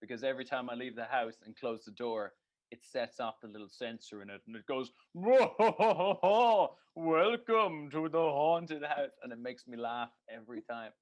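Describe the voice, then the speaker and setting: A man's voice: medium pitch, little pitch movement, brisk. A man co-hosting a casual podcast chat, telling stories in a ranting, sweary way and laughing at himself. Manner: ranting, sweary, laughing at his own story. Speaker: podcast co-host. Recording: dull lo-fi podcast audio.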